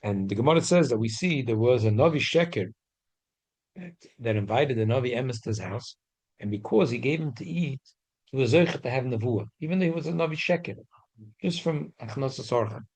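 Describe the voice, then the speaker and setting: A man leading a relaxed religious class, his voice husky and mid-pitched. He tells the story in a chatty way, restarting his sentences and dropping in Hebrew and Yiddish terms. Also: fairly quick, poor audio. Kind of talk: casual storytelling lesson.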